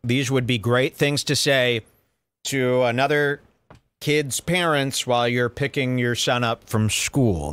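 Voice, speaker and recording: A man's voice: medium pitch, a bit bright. A man hosting a podcast, giving sarcastic, mocking commentary on comedy clips. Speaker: podcast host reviewing clips. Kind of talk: casual commentary.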